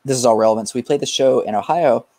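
A man's voice: medium pitch, fast talker, a little mellow, no echo. Man telling a story in a dry room. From California, US. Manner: rambling, fillers and swearing. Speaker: guest musician. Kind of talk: casual storytelling.

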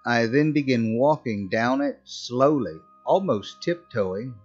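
A man's voice: medium pitch, animated, slow, darkish tone, slightly rough, lo-fi sound, faint music behind. A man reading a first-person horror story in a tense, dramatic way.

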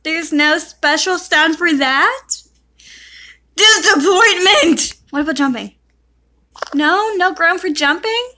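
A woman's voice: extremely high pitch, measured pace, pushed and bright, a little hiss or hum. A woman casually commenting on a game she is playing, giggling and breaking into helpless laughter, and talking to the characters and her cat. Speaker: gaming YouTuber.

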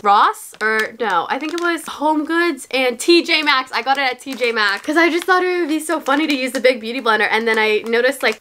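A woman's voice: sits high, pushed and bright, a little hiss or hum. A woman in her twenties chatting casually through a birthday haul, bubbly and gushing, with squeals and laughs. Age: 20s. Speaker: beauty vlogger. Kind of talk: casual haul unboxing chat.

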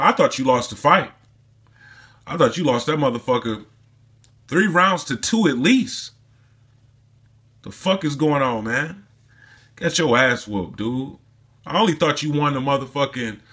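A man's voice: on the high side, bright, forceful tone. A man delivering a heated, profane and mocking commentary rant in a casual vlog, recorded alone indoors. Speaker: sports commentary vlogger.

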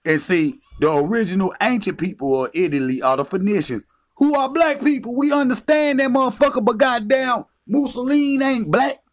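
A man's voice: very high-pitched, animated, normal speed. A man delivering a heated, profane, taunting rant as a vlogger. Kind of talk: confrontational rant.

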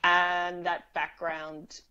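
A woman with a slightly low voice chats as a guest in an interview. She talks at length, with many restarts and easy laughter. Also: flat delivery, very slow, bright, forceful tone, clear, resonant tone, muffled recording. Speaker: film writer and director, guest. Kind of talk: casual interview chat.

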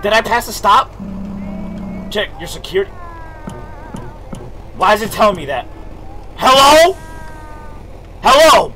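Young guy gaming, loud jokey slang, voice jumps all over, game music in the back. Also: sits high, animated, moderate pace, pauses often. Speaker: gaming streamer. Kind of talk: live gameplay commentary.

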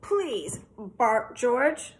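A woman voicing a brisk, confident male vet in a children's storybook, speaking in a matter-of-fact way. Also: a little high, very animated, vocal fry, a little hiss or hum, heavily acted.

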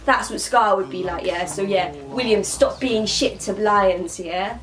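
A woman's voice: mid-range voice, unhurried, a bit bright. A woman doing a rambling comic monologue full of slang, ending lines with 'mate' and 'yeah?'. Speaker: vlogger playing a comic persona.

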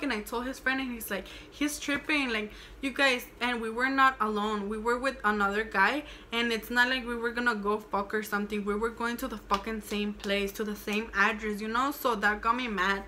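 A woman's voice: on the high side, fairly even intonation, a little fast, few pauses, sharp tone, slight background noise. A young woman, chatting casually and swearing as she tells a storytime. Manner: chatty, swearing, switching into Spanish. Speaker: vlogger.

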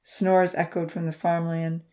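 Woman narrator, low mellow voice, calm even audiobook reading. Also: a little slow. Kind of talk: scripted narration.

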